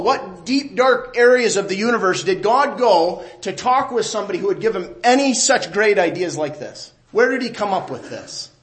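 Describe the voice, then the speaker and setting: A man preaching a sermon as pastor, talking conversationally, asking rhetorical questions, his voice dropping low and quiet at the ends of phrases.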